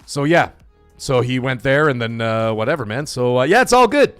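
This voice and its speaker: Man hosting a live gaming show, excitable and animated, faint music underneath. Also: medium pitch, moderate pace, clean tone, no room sound. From Canada. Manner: energetic, hyped, reads chat messages aloud. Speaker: livestream host. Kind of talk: casual livestream chat.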